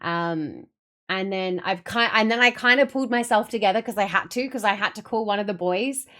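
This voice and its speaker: A woman's voice: medium pitch, fairly quick, fairly bright tone. A woman streamer in casual chat with her viewers, telling stories in a rambling, chatty way with many fillers and casual swearing.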